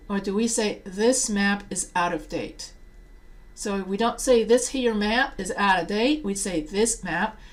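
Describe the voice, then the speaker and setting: A woman writing teacher giving a quiz prep lecture, slowing down to read example sentences aloud. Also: medium pitch.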